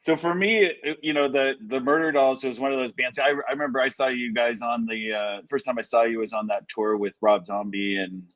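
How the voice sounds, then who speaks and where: A man's voice: medium pitch, fairly even intonation, a little fast, few pauses, a bit bright, low-quality recording. A man hosting a casual interview, enthusiastic, with short agreeing replies. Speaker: podcast host.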